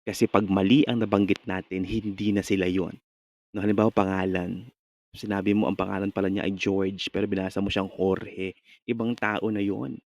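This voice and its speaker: A man's voice: deep voice, little pitch movement, fairly quick, darkish tone, no echo. A man with a Filipino accent lecturing on radio delivery. He speaks conversationally, often restarts and checks in with the class by asking "no?".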